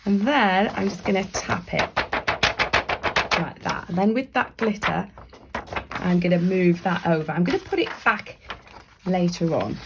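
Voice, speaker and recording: A woman leads a children's drawing tutorial in a chatty, encouraging way, often dropping into soft whispered asides. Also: on the low side, measured pace, long pauses, noisy background. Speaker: library staff member leading a craft activity.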